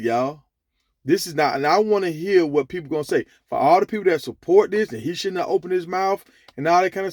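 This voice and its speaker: A man giving a casual commentary rant, animated and profane, telling stories to make his point. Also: a little high, no room sound, clean studio sound. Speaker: sports commentator.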